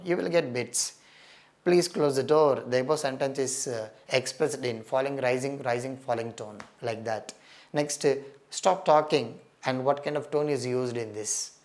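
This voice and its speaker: A man's voice: medium pitch, darkish tone. A man with an Indian English accent giving an exam coaching lecture, earnest, stressing key points and calling his listeners "my friend". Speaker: teacher.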